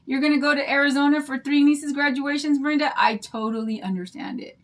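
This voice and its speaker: An older woman rambles happily to her livestream viewers, telling stories in a bubbly, chatty way. Her voice sits a little high for a woman. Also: fairly quick, few pauses. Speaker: craft livestream host.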